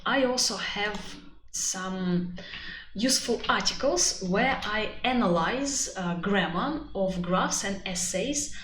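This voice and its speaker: Chatty Russian-accented woman teacher, slow. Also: medium pitch. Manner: chatty, animated, many fillers. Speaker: IELTS teacher. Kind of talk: live webinar teaching. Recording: echoey room, faint background noise.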